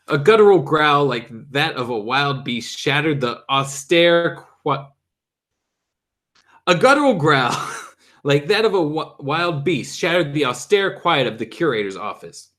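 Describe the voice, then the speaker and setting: A man's voice: fairly high pitch, measured pace. A young adult man casually reading a chapter book aloud, stumbling now and then over the words. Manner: lively, stumbles and laughs at own slips. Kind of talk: casual read-aloud narration.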